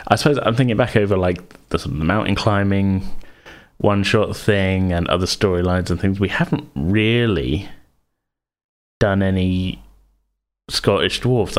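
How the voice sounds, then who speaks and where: A man co-hosting a podcast and running its tabletop game, chatting casually with many restarts. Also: low-pitched. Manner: hesitant, many restarts and fillers. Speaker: podcast co-host and game master. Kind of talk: casual chat about worldbuilding for a tabletop game.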